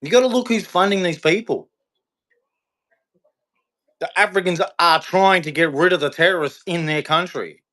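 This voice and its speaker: A man hosting a live show in a hot room in Queensland speaks in a sharp, high-ish voice at a moderate pace, leaving long pauses. His unscripted commentary is heated, rambling and repetitive, and he often restarts his sentences.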